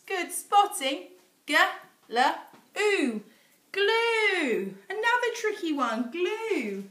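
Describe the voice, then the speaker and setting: A young female teacher with a high, bright voice leads a phonics lesson, drawing out each letter sound slowly and patiently. She is recorded from a few steps away in an echoey room. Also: big pitch swings. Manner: slow, sing-song teacher voice, sounding out letters. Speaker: infant school teacher. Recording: echoey room, voice a little far off.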